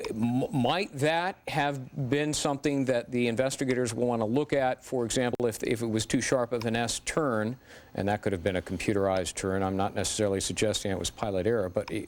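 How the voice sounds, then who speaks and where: A male news anchor questioning a guest on live breaking news. His mid-pitched voice is probing and insistent, and his long questions come with restarts. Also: a little fast.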